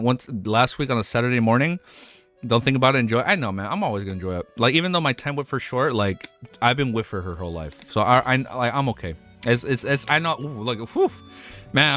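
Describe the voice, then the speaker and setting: A young man at a home streaming setup talks in a loose, slangy way, calling the audience "man" and "bro" and swearing freely. His voice sits at an ordinary middle pitch. Faint music plays softly behind him. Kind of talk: casual live-stream chat and reading aloud.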